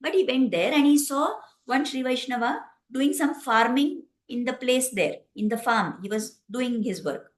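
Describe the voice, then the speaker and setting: A woman's voice: a little high, normal speed, few pauses. Woman telling a devotional story.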